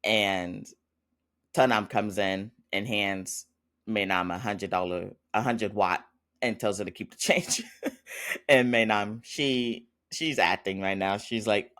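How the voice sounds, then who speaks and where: A man's voice: fairly low pitch, a little slow, fairly bright tone. A man hosting a podcast, recapping a drama episode in a loose, chatty way with lots of fillers and small laughs. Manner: chatty, rambling, with frequent fillers and little laughs. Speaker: podcast host.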